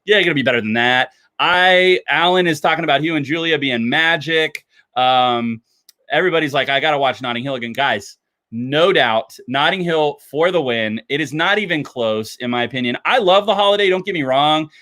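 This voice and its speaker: Bright, upbeat man hosting a livestream. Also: a little high, lively intonation, moderate pace, no echo. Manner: enthusiastic, chatty, lots of fillers. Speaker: livestream host. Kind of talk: casual livestream chat. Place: indoors under bright lights.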